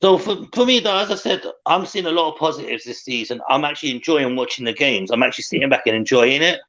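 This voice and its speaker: A man talking as a guest in a casual football chat, animated and blunt, swearing casually. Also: mid-range voice, quick pace. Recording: dull lo-fi video call audio.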